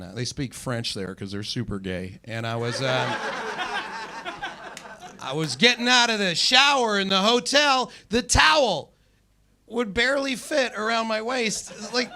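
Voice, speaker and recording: A man's voice: a little high, bright, forceful tone. A young man doing a stand-up comedy set on a club stage, rambling and self-deprecating with lots of fillers.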